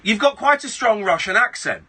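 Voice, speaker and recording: Blunt, bright-voiced radio host. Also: male voice, high voice, animated, normal speed, slightly rough. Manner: blunt, rambling, full of restarts. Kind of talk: late-night phone-in chat. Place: radio studio. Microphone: studio microphone.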